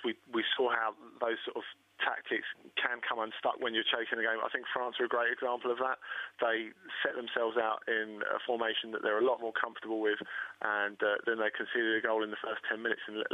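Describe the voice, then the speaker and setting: A man giving football analysis as a radio pundit, halting and analytical as he restarts his phrases. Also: on the low side, dry recording, narrow, tinny audio. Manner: halting, repeats words, analytical.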